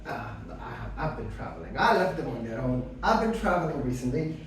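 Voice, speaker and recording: Deadpan middle-aged man doing stand-up. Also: medium pitch, fairly quick, slight background noise. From Afghanistan. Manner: dry, deadpan, hesitant with many fillers. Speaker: stand-up comedian. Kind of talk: stand-up comedy with crowd work. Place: comedy club stage. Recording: echoey room mic heard from a distance.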